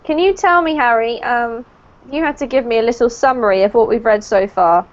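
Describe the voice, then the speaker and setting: A British woman teaching English to a small group over a video call, explaining pronunciation patiently and encouraging her students. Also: a little high. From United Kingdom. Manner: encouraging, explains slowly and clearly. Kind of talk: online group lesson. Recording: dull lo-fi online call audio.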